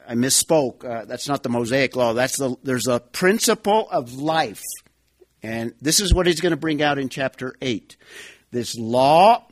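A man's voice: medium pitch, no room sound. A man giving an expository Bible teaching, explaining a passage in an emphatic, repetitive way. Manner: emphatic, explanatory, repeats key points.

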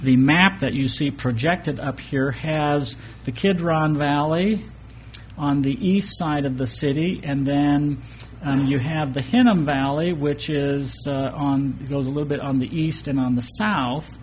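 A man's voice: fairly high pitch, unhurried. A man with a slightly raised voice gives a verse-by-verse sermon. He talks in a loose, conversational way, restarts his phrases and puts rhetorical questions to his listeners. A faint hum of the church room sits behind him. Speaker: pastor. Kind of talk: expository Bible teaching. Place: church sanctuary with projected map.

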